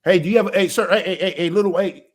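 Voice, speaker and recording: A man doing a pushy traffic cop, calling out again and again, fairly high voice, quick nagging questions. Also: lightly acted. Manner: rapid, repetitive calling out.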